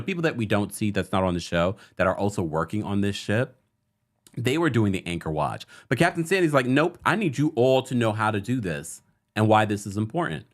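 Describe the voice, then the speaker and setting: A man hosting a casual live-stream recap of reality TV, chatty and animated, quoting the people he talks about. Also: medium pitch. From United States. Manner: animated, chatty, with laughs and quoted asides. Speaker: host.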